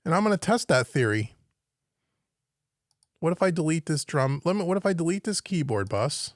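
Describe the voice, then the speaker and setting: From a home studio with no room sound, a man teaches recording on a live stream at a normal pace. His fairly high voice swings widely in pitch as he reasons aloud and puzzles over the screen, all in clean studio quality.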